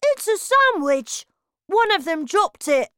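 A shrill, loud young boy stuck in a mouse's body, greedy and quick to shout, as a woman puts him on in a storybook reading. His high voice swings wildly and drags out each word. The sound is close and dry. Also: sing-song, exaggerated voice. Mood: blunt. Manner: shouting, whiny and indignant.

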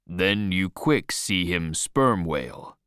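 A man doing a slow-spoken harpooner in broken English. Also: low-pitched, animated, a bit bright, clean tone, no echo, clean studio sound, heavily acted. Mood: solemn. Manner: slow, deliberate, broken speech.

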